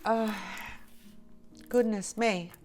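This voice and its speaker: A woman vlogger chatting to camera, slow and halting with restarts and soft laughs, teary and emotional. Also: on the high side, fairly even intonation, soft background music. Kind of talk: emotional casual chat to camera.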